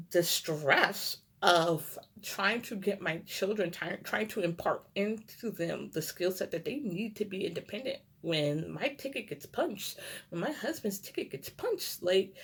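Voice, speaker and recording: A middle-aged woman speaks slowly and earnestly in a low, gravelly voice. Her talk is a casual devotional, broken into short halting phrases with many fillers. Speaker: Christian vlogger.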